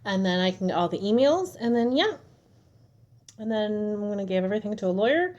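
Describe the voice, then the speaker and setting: Young woman vlogger, slightly high voice, frustrated venting monologue, casual and animated. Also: a little fast. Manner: frustrated, exasperated, animated retelling. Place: home, at a table.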